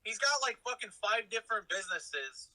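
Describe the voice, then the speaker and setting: A man's voice: high-pitched, very animated, fairly quick, bright, forceful tone, poor audio. A man chatting on a casual live Q&A, blunt and laid-back, swearing freely. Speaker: fitness YouTuber guest on a live Q&A. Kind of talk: casual live-stream chat.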